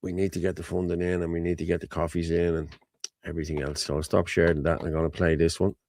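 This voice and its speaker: A man's voice: low-pitched, little pitch movement, quick pace, darkish tone, a little hiss or hum. An Irish man hosting a casual livestream chat, talking in an emotional, rambling and repetitive way. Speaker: host.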